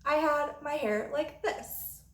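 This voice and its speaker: Woman, vlogger, storytime, profane, blunt, fairly high pitch, roomy echo. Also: slow, fairly bright tone. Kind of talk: storytime vlog.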